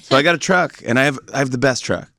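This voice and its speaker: A man who hosts a talk show, guesting in a radio studio and telling stories in a casual, animated way with lots of laughing restarts. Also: medium pitch, fast, creaky, no echo.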